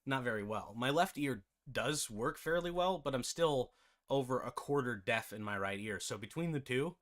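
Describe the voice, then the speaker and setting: Male tutorial host, bright clear tone, chatty anecdote delivery, mid pitch. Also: normal speed. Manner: chatty, animated anecdote telling with laughs. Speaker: game development tutorial host. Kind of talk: casual storytelling aside.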